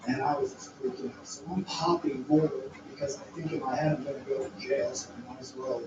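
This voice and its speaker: A man's voice: medium pitch, fairly even intonation, brisk, muffled recording. A man telling a story from his past in casual conversation, rambling and frank, restarting often and swearing freely. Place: home studio room. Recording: very echoey room, far from the mic, noisy background.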